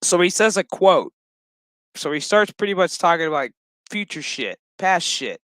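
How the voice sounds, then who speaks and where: A man's voice: high-pitched, moderate pace. A man casually recapping a TV episode, swearing freely and joking as he goes. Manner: profane, joking, animated storytelling. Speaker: show recap host.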